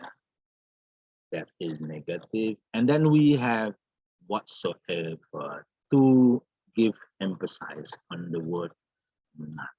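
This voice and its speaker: A man teaching an English grammar lesson, slow and repetitive, often calling out "everybody" and "yeah". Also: on the low side, husky, no room sound. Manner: slow, repeats phrases, calls out "everybody" and "yeah". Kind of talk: recorded online grammar lesson. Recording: dull lo-fi recording.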